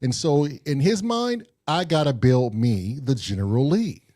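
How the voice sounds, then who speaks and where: A man co-hosting a casual live-stream chat, telling a story with animated energy and often repeating words as he builds up. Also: mid-range voice, a little slow, no echo, clean studio sound. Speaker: co-host.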